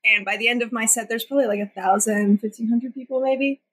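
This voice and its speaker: A woman's voice: on the high side, steady tone, fast, fairly bright tone, slightly rough, rough recording. A young woman singer-songwriter chatting casually as an interview guest, with lots of "like" fillers. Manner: chatty, many "like" fillers, laughs often.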